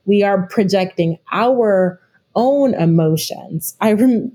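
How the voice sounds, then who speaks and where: Slow husky-voiced woman guest. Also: medium pitch, expressive, mellow. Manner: reflective, with frequent restarts. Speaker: guest expert, leadership consultant. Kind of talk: podcast interview conversation.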